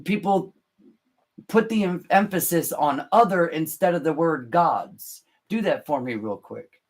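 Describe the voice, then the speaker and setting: Slow, halting man explaining scripture. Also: fairly high pitch, lively intonation. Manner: halting, many restarts and fillers, slow and deliberate. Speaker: podcast host. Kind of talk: unscripted talk explaining scripture.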